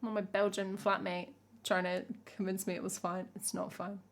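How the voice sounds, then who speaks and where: A woman's voice: medium pitch, flat delivery, moderate pace. Wry, chatty English woman streamer. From England. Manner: chatty, wry, jokey asides. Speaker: streamer and singer-songwriter. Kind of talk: casual live-stream chat reacting to a music video.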